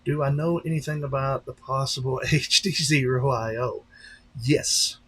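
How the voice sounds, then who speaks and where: Husky-voiced rambling pastor on a live stream. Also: male voice, medium pitch, normal speed, fairly bright tone. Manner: rambling, chatty, talks straight to viewers. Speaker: pastor and drone-racing streamer. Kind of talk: casual live-stream chat.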